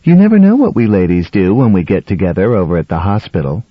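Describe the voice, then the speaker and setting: A man voicing an insistent, sharp-tongued wife hosting a dinner, in a dull, dry audiobook recording. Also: deep voice, very animated, fast, husky, dry recording, full character voice.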